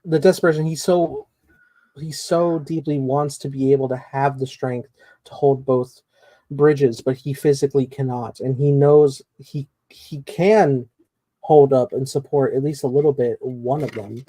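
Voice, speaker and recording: Mellow-voiced male co-host, dry sound. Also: medium pitch, steady tone, measured pace, no room sound. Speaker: podcast co-host. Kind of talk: casual discussion.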